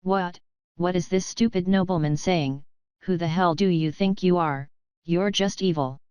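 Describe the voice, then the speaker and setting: A woman's voice: fairly low pitch, measured pace, darkish tone, clear, resonant tone, no echo, highs cut off, natural voice. A woman reading crude, threatening bandit riders. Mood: hostile. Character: rough, hostile male bandit horsemen.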